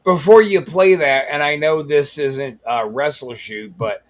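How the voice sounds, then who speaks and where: A man's voice: a little high, a little slow. Blunt, crude podcast co-host man. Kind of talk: casual chat reacting to videos.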